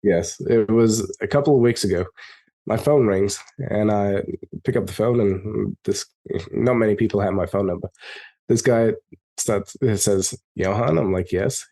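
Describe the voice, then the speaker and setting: A man being interviewed as a software company co-founder, telling stories and acting out the dialogue in a raised voice. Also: fairly low pitch, unhurried. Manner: animated, acts out quoted dialogue in a raised voice. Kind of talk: storytelling in an interview. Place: lives in Melbourne.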